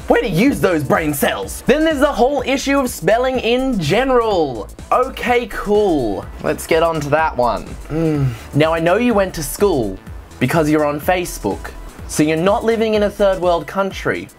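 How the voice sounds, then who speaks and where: Young vlogger, exasperated comic rant, very animated delivery, faint music under it. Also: male voice, high-pitched, a little slow. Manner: sarcastic, exasperated, swears freely. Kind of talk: comedic rant to camera.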